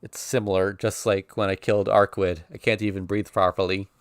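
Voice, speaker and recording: A man's voice: sits low, flat delivery, a little fast, clear, resonant tone, no echo, clean studio sound. A man streaming, reading a visual novel aloud in an intense, emotional first-person narration.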